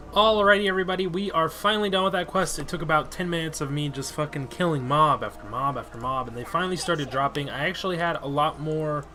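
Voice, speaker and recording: This gaming video host, a man with a fairly high pitch and a sharp tone, talks casually while playing through a game. He gets exasperated easily and swears without restraint.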